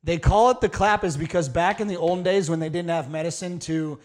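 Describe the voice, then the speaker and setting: A man's voice: fairly high pitch, a little fast. A young man hosting a podcast, brash and joking in casual chat with lots of swearing. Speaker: podcast host.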